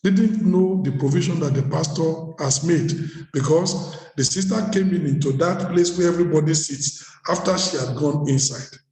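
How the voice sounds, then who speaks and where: High-voiced man preaching in an echoey hall. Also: moderate pace, darkish tone. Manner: storytelling preacher, repeats phrases for emphasis. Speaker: pastor. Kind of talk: sermon at leadership workshop.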